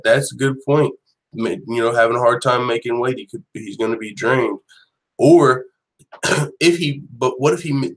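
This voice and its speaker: A man hosting a laid-back fight-news stream, his voice sitting at an ordinary middle pitch. He talks in loose, profane slang and riffs on viewer comments as he reads them. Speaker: MMA news show host. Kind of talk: casual live-stream chat.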